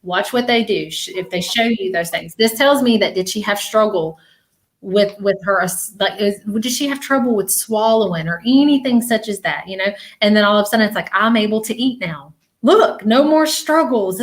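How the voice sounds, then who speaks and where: Halting woman giving a psychic reading. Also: mid-range voice. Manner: halting, repeats words, many fillers and restarts. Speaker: psychic medium.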